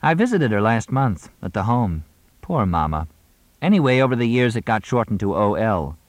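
A man voicing a sharp-tongued young woman who is an actress, wry and teasing. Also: lowish voice, sing-song, no room sound, voice pushed up. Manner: mocking, theatrical, quick-witted.

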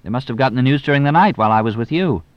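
A man voicing a quick-witted, evasive young man who answers briskly and glibly. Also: mid-range voice, lively intonation, no echo, dull audio, pitched above the performer's own voice, natural voice. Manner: brisk, glib, deflecting.

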